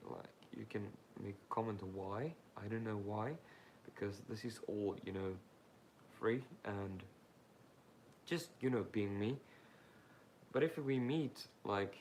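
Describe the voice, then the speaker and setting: Gravelly-voiced man chatting live. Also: lowish voice, a little mellow, slight background noise. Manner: rambling and informal, with frequent fillers; talks straight to viewers, asking them questions. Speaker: YouTuber hosting a live Q&A. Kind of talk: casual livestream chat, answering viewer comments.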